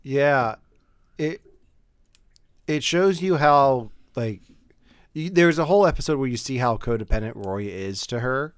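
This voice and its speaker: A man co-hosting a podcast in relaxed casual chat, with frequent fillers. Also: medium pitch, unhurried, pauses often, clean tone, no echo, studio quality. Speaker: podcast co-host.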